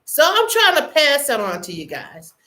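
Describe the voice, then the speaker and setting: An American woman hosts her own online show, chatting casually about the news in a high, bright, pushed voice with huge pitch swings. She's playful and laughing, drawing her words out for dramatic effect.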